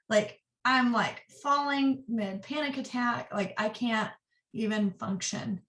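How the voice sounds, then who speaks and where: A woman in her twenties, an interview guest, sharing a personal story candidly and earnestly, in quick bursts. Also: fairly high pitch, fairly bright tone. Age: 20s. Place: office. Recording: roomy echo, distant mic.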